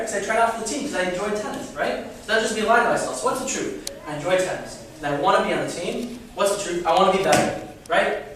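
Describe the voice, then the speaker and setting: High-voiced young man in an echoey room. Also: a bit bright, far from the mic, slight background noise. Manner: chatty, rhetorical questions, stumbles and repeats. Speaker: student lecturer. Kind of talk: informal class talk. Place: classroom with a live audience.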